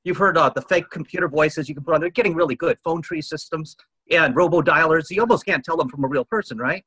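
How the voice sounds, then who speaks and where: Interview guest, fifties man, husky and dry-sounding, earnest rambling storyteller. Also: on the high side, quick pace, pushed and bright, no room sound, low-quality recording. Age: 50s. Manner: earnest, rambling, quotes others.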